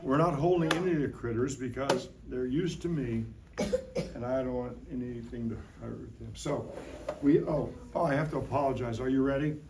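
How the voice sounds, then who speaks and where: A man's voice: medium pitch, moderate pace, noisy background. A middle-aged man giving a hands-on science demonstration to a classroom of young children, playful and jokey, coaxing them with questions. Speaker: science educator. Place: elementary school classroom.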